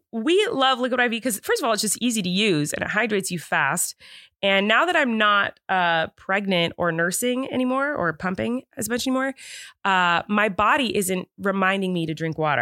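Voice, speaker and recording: A woman's voice: on the low side, fairly bright tone, no echo, clean studio sound. A woman in her thirties co-hosting a podcast, reading an ad in a playful, giggly, joking way. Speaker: podcast co-host. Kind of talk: casual ad read.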